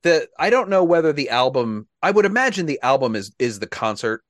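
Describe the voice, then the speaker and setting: A man's voice: mid-range voice, sing-song, brisk, no room sound, studio quality. A man hosting a podcast in casual chat, wry and talkative, laughing at his own jokes. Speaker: podcast host.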